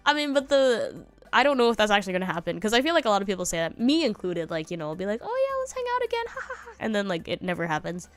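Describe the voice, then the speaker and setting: A woman's voice: mid-range voice, expressive, fairly quick, soft background music. A young woman streaming from home, chatting casually and telling rambling stories in a loose, laughing way. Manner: rambling storytelling with laughs and quoted voices.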